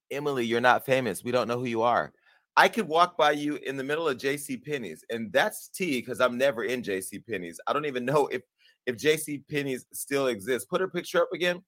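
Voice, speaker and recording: A man hosting a celebrity gossip show, talking in a sassy, profane and animated way and laughing at his own jokes. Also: medium pitch, a little fast, dry recording. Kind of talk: brash gossip commentary.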